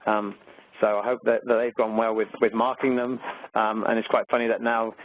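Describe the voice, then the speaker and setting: This Australian man, a maths teacher hosting a webinar, moves through exam problems conversationally, using many fillers and sounding keen on the content. His voice is lowish and level, a little fast, with no room sound. The audio is tinny and phone-like.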